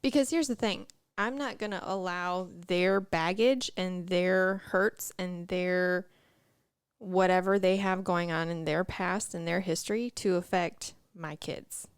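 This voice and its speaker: A woman co-hosting a casual morning talk show, agreeable and quick to affirm her partner. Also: lowish voice, steady tone, clear, resonant tone, dry recording, clean studio sound. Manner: agreeable, frequent affirmations, laughs easily. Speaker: co-host.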